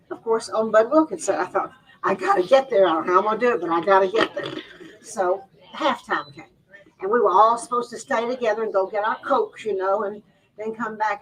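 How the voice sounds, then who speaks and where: A woman, telling a personal story to a crowd in a lively way, laughing often and acting out what people said. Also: medium pitch, distant mic, rough recording. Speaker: guest speaker. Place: boutique store event.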